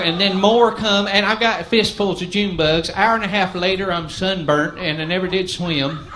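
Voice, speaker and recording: A man with a warm East Tennessee Southern drawl and a somewhat high voice tells rambling, self-deprecating yarns on a comedy stage. He talks into a handheld mic, and the live club recording carries a fair amount of noise. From East Tennessee, USA. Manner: folksy, self-deprecating, animated yarn-spinning. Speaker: stand-up comedian. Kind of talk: stand-up storytelling.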